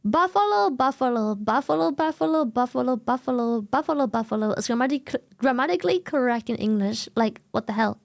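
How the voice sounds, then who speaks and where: High-voiced German-accented woman streamer. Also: a little fast, creaky, hardly any pauses, dry recording, clean studio sound. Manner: animated, slangy, swears freely. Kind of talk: casual stream chat.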